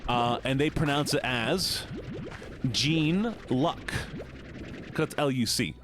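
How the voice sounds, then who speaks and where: A VTuber from the United States with a Midwestern American accent chats casually on a livestream, rambling, laughing often and reading chat aloud. His voice is medium-pitched at a moderate pace, over a noisy background.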